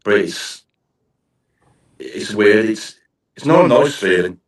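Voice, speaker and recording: A man's voice: fairly low pitch, animated, takes it slowly, roomy sound, far from the mic. A man with a Black Country accent hosting a podcast, chatting casually and thinking aloud in rambling, restarting sentences. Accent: Black Country English. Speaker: podcast host. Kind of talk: casual interview chat.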